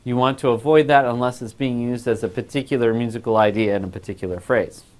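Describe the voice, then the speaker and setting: A man's voice: medium pitch, fairly even intonation, fast. A man teaching a voice class, explaining phrasing and breaking into short sung examples. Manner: explains clearly, sings short demonstration phrases. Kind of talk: recorded music lesson.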